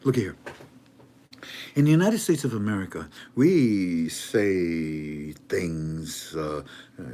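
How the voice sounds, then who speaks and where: A man giving an animated commentary monologue in a dramatic, emphatic way, with many stammering restarts. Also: sits low, gravelly, breathy edge. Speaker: online currency commentator.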